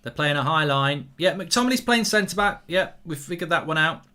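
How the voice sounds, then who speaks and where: Young guy, livestream football reactor, slightly high, punchy voice, yells at the game. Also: fairly quick. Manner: excitable, shouts at the match, reads chat aloud. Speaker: football watchalong host. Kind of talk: live football reaction stream.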